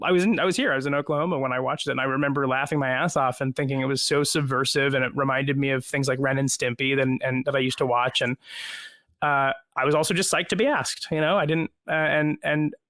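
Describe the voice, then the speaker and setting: A man, an actor as a guest, chatting in a casual video-call interview from home, self-deprecating and quick to laugh. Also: mid-range voice, steady tone, a bit bright, no echo, studio quality.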